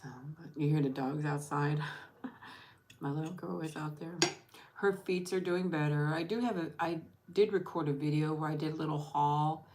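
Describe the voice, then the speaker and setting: A woman's voice: low-pitched, moderate pace, darkish tone. A woman vlogger chatting casually with viewers over lunch. She rambles, restarts her sentences and thanks people by name. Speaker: vlogger hosting an eat-with-me stream. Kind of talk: casual livestream chat.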